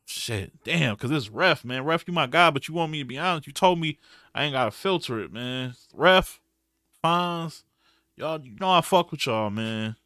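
A man hosting a podcast, giving a blunt, slangy, animated recap with frequent restarts. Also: fairly high pitch, moderate pace, no echo, clean studio sound. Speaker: podcast host. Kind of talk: casual recap commentary.

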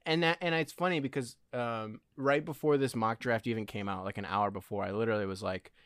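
Smooth-voiced man chatting casually. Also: medium pitch, no echo, studio quality. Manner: animated, quick asides and mock voices. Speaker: podcast co-host. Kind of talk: casual sports chat.

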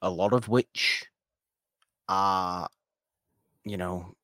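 Deep-voiced man, playful and dry. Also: steady tone, very slow, pushed and bright, dry recording. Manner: dry, playful, joking asides. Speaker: podcast co-host. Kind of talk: casual film review chat.

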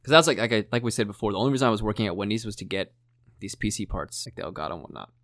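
A man, a streamer, casually telling a story on a podcast, animated, acting out quotes with lots of "like" and some swearing. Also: on the low side, rapid-fire, no room sound, studio quality.

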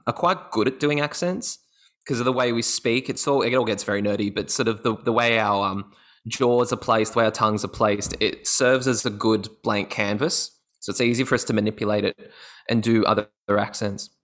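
A man with an Australian accent, a guest actor telling stories in a casual interview, lively and often laughing. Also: lowish voice, moderate pace. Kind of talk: casual podcast interview chat.

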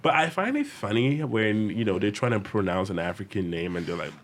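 A young man from Nigeria chatting casually as co-host, lively and playful. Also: lowish voice, fairly quick. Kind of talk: casual chat.

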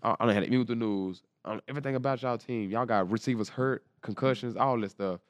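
Fast-talking man telling a story. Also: mid-range voice, no room sound. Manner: animated, quick storytelling with slang and repeated quotes. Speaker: guest. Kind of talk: casual storytelling.

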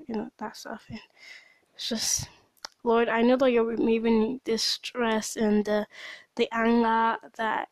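Upset lady venting on her podcast after crying, higher voice, dry close sound, keeps breaking off. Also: level tone, measured pace, no room sound. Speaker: podcast host and small business owner. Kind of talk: personal diary podcast monologue.

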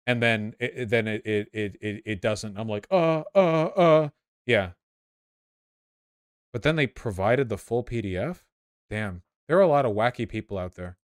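A man giving casual, sarcastic commentary while reacting to video clips, with quick asides. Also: fairly low pitch, no echo, clean studio sound.

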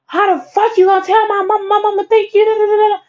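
A woman putting on a shrill, yelling young woman. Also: little pitch movement, fast, highs cut off. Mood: angry, yelling. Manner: loud, cursing, defensive.

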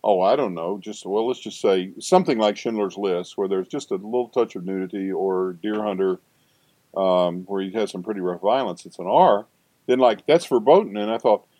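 A man's voice: fairly low pitch, normal speed, dark tone, no echo. An older man, a seminary professor, talking in a rambling conversational interview with frequent restarts and asides.

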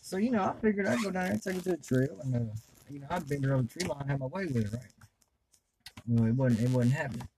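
A man's voice: mid-range voice, animated, rapid-fire, gravelly, over a noisy crowd. A man telling a crude story in a rambling, profane, laid-back way while stoned. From US South. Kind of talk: crude storytelling in casual chat.

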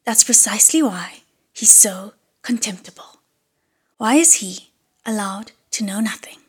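A man's voice: high-pitched, unhurried, husky, full character voice. A woman reading aloud and voicing a cold, contemptuous young man in whispered role-play. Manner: cold, cutting.

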